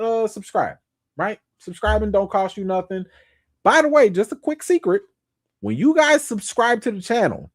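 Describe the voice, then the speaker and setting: A man hosting a casual livestream, talking in laid-back slang, bursting with excitement at times, and thanking his supporters again and again. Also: mid-range voice. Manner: effusive, thanks donors over and over. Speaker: livestream host.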